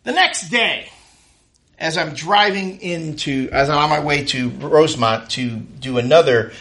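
A man's voice: fairly high pitch, a little slow. A man telling a comic story on stage, acting out what others said. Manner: animated, acts out quotes of others. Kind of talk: stand-up storytelling. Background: audience laughter.

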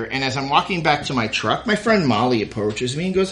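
A man's voice: fairly high pitch, a little fast. A man telling a comic story on stage, acting out what others said. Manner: animated, acts out quotes of others. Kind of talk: stand-up storytelling. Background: audience laughter.

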